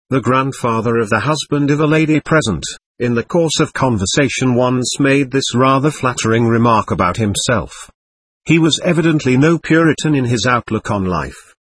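Husky man reading a book aloud. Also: medium pitch, normal speed, fairly bright tone, no echo. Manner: reads page numbers aloud between passages. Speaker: audiobook reader.

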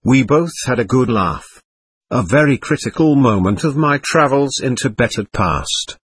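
A man narrates an audiobook in a measured storytelling way. His voice is slightly husky, with lively rises and falls in pitch. The recording is dry and close. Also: no echo. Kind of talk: audiobook reading of a travel memoir.

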